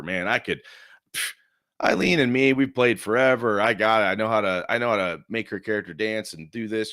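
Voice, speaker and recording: A man's voice: low-pitched, dry recording, clean studio sound. A middle-aged man chatting casually about tabletop gaming, telling stories with lots of swearing. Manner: animated storyteller, swears freely. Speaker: podcast guest, game master. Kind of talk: casual chat.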